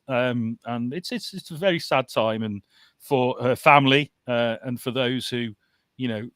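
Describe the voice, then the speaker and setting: A man's voice: medium pitch, fairly bright tone, no room sound, studio quality. A man hosting a live comics podcast over a video call, chatty and laughing often. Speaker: podcast host. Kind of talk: casual live show chat.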